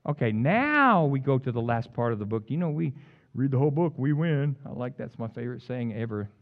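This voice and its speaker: A man preaching a sermon as pastor, jumping between loud emphatic peaks and quiet, joking asides to the congregation. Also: medium pitch, sing-song, fairly quick, phone-quality sound. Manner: humorous, teasing the congregation.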